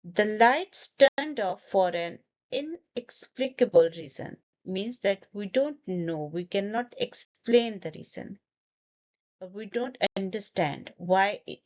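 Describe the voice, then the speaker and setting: A woman teaching English pronunciation, breaking a word into syllables and repeating it slowly for learners. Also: medium pitch, a little mellow, dull audio. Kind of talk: slow, deliberate pronunciation lesson.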